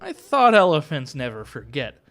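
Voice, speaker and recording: A man's voice: a little high, huge pitch swings, moderate pace, a bit bright, soft background music, exaggerated voice. A man voicing a fussy male elephant chocolatier in a game, with a wobbly put-on European accent that drifts between styles. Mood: theatrical.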